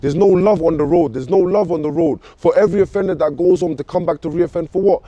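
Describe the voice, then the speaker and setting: A man's voice: a little high, fast talker, hardly any pauses, warm tone, dry recording. Angry, cursing London man. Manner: angry, profane, fires off repeated rhetorical questions. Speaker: interviewee. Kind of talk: impassioned street interview.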